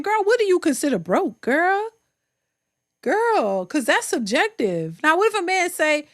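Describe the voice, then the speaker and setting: A woman reacting on her own channel in a sassy, incredulous voice that sits high. Her delivery swoops up and down with animated energy as she talks straight to her viewers. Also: a little fast. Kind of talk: reaction commentary.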